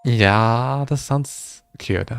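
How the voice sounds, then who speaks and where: A man's voice: mid-range voice, very slow, a bit bright, soft background music. A man chatting casually with viewers during a livestream, laughing often and restarting his words as he goes. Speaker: music streamer.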